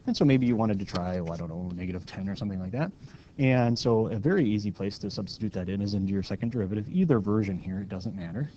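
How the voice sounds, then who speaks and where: A man's voice: lowish voice, animated, fast talker, mellow, dull audio, slight background noise. A man teaching calculus in a casual, step-by-step lecture, stopping now and then to correct his own slips. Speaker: math teacher.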